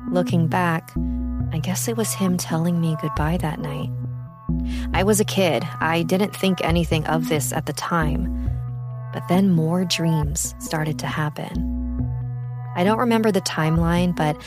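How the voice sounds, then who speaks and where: Low-voiced woman telling a personal story. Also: measured pace. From East Bay, California. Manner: calm, reflective recounting. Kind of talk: first-person storytelling narration. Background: background music.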